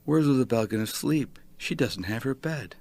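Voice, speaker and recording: A man with a medium-pitched, expressive, mellow voice reads a poem aloud on radio at a moderate pace, with no echo and lightly acted. He voices a small child asking eager, plaintive questions about a lost dog, sounding worried and curious.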